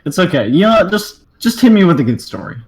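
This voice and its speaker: A man's voice: high voice, very animated, fairly quick, a little mellow. A man in casual podcast chat, encouraging the storyteller with short, playful interjections.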